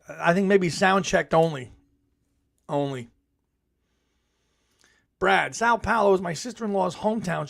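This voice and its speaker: A man's voice: a little high, gravelly. A middle-aged man hosting a live podcast chat, reading viewer comments in a chatty, enthusiastic way and laughing often. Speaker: podcast host.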